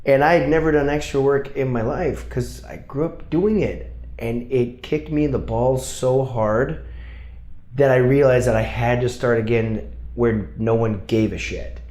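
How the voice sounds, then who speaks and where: A man's voice: mid-range voice, steady tone, a little slow, a little mellow. A man, an actor, telling candid stories about his career, swearing and laughing at himself. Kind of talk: casual storytelling. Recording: roomy echo.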